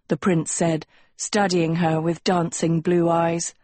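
A woman reads a novel aloud at an unhurried pace, her low voice soft and husky. The narration is measured and even, recorded dry and close with no room sound. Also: no echo. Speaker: audiobook narrator. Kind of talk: scripted narration.

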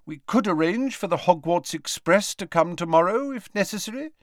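A man voicing a stern, brisk older headmistress with a clipped, authoritative manner. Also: sits high, expressive, no room sound, clean studio sound, voice pushed up.

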